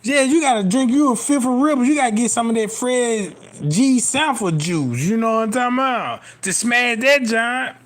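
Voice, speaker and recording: A man's voice: extremely high pitch, normal speed, few pauses, a bit bright. A young man telling a crude, rambling comic story, laughing at his own jokes and constantly checking whether the listener follows him. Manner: profane, rambling, keeps asking "you know what I'm talking about".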